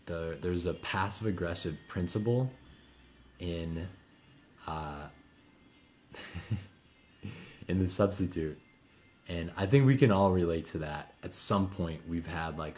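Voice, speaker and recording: A man, an author, chatting casually on a live stream from home, rambling with lots of fillers and quick laughs. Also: low voice, darkish tone, faint music behind. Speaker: author answering reader questions.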